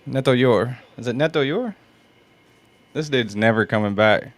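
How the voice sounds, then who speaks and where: A man with a Southern US accent chats casually on a livestream. He talks at an unhurried pace in an average-pitched voice, stopping and restarting his sentences and breaking into laughter often. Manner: slow, halting, laughs often, reads chat aloud. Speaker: host sharpening knives on a livestream.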